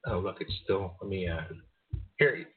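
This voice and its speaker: A man's voice: sits low, moderate pace, husky. A man hosting a radio show, chatting casually with a guest and laughing often. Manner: laughing, relaxed banter. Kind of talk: casual chat. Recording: tinny phone-like audio.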